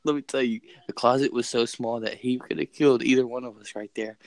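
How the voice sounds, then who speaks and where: A man's voice: mid-range voice, a little fast, gravelly, no room sound, poor audio. Young man telling a scary story, profane. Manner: excited, profane, repeats phrases. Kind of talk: casual story.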